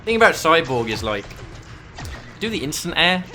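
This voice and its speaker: Brief: male esports caster, animated delivery, music under him. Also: fairly high pitch, normal speed. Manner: excitable, breaks into loud shouts at big moments. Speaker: esports commentator. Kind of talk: live fighting game commentary.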